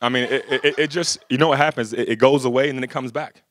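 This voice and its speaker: This middle-aged workshop speaker talks fast in a mid-range, somewhat bright voice with fairly even intonation. There's no echo as he casually tells the audience stories, leaning heavily on "you know" and "right?"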